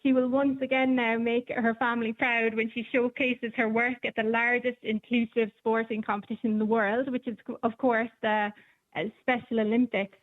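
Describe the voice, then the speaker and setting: A woman with a fairly high voice tells stories in a relaxed, chatty way, often pausing on an um. She is heard over a thin, tinny phone line. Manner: chatty storyteller with many ums. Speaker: newspaper reporter. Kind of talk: casual radio chat.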